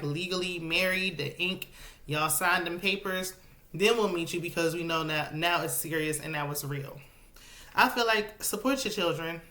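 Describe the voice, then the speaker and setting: A woman talks through a reality show recap in a sassy, chatty way. Her voice is bright and forceful and sits a little low. She sounds loose and conversational, like she is talking straight to her viewers. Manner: chatty, sassy, animated with dialect speech. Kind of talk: casual recap commentary.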